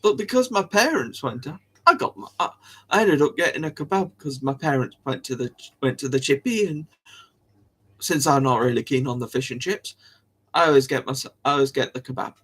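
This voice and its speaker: A man's voice: medium pitch, expressive, fairly quick, fairly bright tone, husky. A young man, chatting casually on a live stream, rambling, restarting sentences and giggling often.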